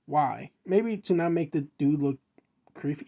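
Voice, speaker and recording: Young guy doing a casual manga recap, kinda fry-voiced, keeps going "why though" at the story. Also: fairly high pitch, unhurried, dark tone. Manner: incredulous, joking running commentary. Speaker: manga recap channel host.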